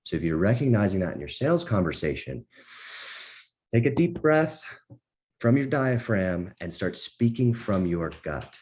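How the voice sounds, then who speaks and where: A man teaching a sales workshop, walking through call questions and coaching on tone of voice. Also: sits low. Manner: demonstrates slow calm sales tonality, coaching. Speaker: sales trainer.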